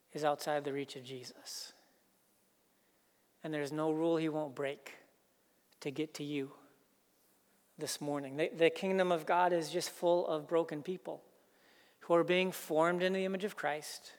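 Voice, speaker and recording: A pastor preaching a sermon, earnest, building emphasis through repeated phrases. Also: male voice, a little high, steady tone, a little slow, long pauses, in a large hall.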